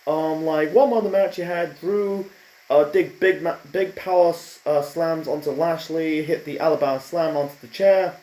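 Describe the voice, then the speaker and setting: Mellow, rambling man in an echoey room. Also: on the high side, steady tone, normal speed. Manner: rambling and opinionated, many fillers and restarts. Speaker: wrestling show reviewer. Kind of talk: casual spoken review.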